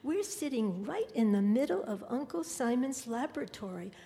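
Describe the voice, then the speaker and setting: Woman reading as a gentle soothing mother. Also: on the high side, very animated, moderate pace, creaky. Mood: reassuring. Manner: gentle, reassuring. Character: soothing patient mother, gentle with her child. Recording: long hall reverb.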